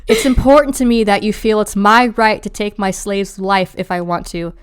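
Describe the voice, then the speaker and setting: A controlling man issuing cold orders and threats, as a woman reads his messages aloud in a smooth voice. The delivery is commanding and menacing. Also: medium pitch, moderate pace, lightly acted.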